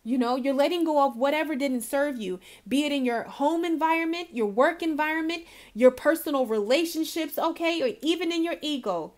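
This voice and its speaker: A woman reading tarot cards at home, talking straight to her viewers in an emphatic, motivational way and calling them honey and baby. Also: high voice. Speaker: tarot card reader.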